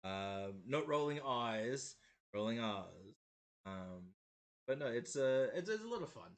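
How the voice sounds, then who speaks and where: A man's voice: medium pitch, sing-song, slow pace. A man in his thirties with a slight Maori accent, mostly in his R's, chatting casually as the host of a painting livestream, rambling and chuckling as he goes. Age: 30s. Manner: rambling, self-correcting, chuckling often. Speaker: host of a miniature painting stream.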